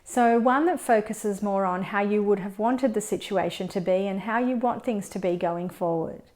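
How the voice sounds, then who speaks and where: A woman coaching viewers through a tapping routine, explaining each step in a calm, gentle, measured way. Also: mid-range voice. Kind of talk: step-by-step instruction.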